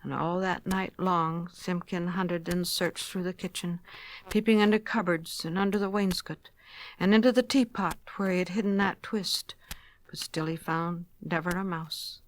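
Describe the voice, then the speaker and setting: Woman reading a storybook, hushed and gentle. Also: on the low side, fairly even intonation, moderate pace. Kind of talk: storybook narration for children.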